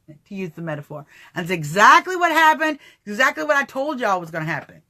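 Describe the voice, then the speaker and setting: A woman giving an animated political commentary on a livestream, mocking opponents, acting out voices and laughing at her own jokes. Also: mid-range voice, fast talker, hardly any pauses.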